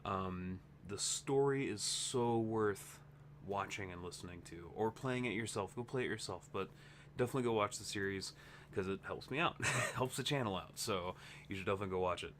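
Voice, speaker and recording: A man's voice: on the low side, brisk, fairly bright tone, a little hiss or hum. A man hosting his gaming channel's casual update vlog, tired and rambling, interrupting himself as he talks. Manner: rambling, self-interrupting, chatty.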